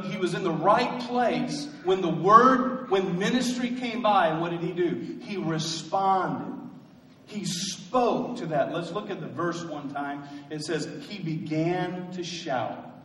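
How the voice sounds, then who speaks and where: High-voiced preaching man in an echoey hall. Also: a bit bright, recorded from a distance. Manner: rising to emphatic call-and-response preaching. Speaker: pastor. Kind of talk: sermon. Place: church sanctuary.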